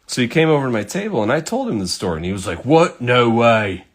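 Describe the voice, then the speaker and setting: A man's voice: medium pitch, huge pitch swings, racing, breathy edge. Casual male storyteller, talks while painting, rambling and profane. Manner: rambling, swears, lots of fillers.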